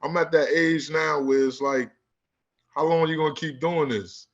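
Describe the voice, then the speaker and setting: A man's voice: on the high side, fairly even intonation, moderate pace, a bit bright, muffled recording. A man from Newark who coaches basketball, telling a story in a casual conversation with plenty of "you know what I'm saying.". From Newark, New Jersey. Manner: laid-back street talk, lots of "you know what I'm saying".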